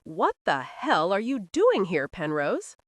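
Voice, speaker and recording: A woman's voice: medium pitch, wildly swooping pitch, slow, no echo, full character voice. A woman voicing a curt brooding lord. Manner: curt, commanding. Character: brooding gruff young lord, short-tempered.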